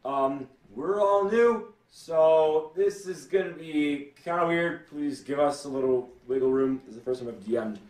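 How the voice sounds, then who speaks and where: A man's voice: on the high side, measured pace, few pauses, darkish tone, far from the mic. A man hosting a podcast and narrating as a new game master, hesitant and laughing often. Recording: echoey room, voice from off-mic, faint music.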